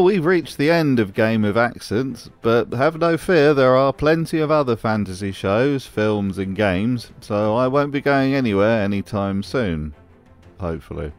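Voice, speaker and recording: A man hosting a scripted commentary video, with a wry, sarcastic manner. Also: medium pitch. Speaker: host.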